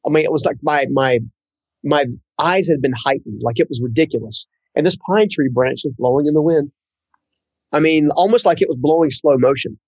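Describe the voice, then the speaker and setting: A man who is a guest in an interview, telling a personal story in an earnest, halting way and often repeating words. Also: on the high side, darkish tone, breathy edge, no room sound, dull audio.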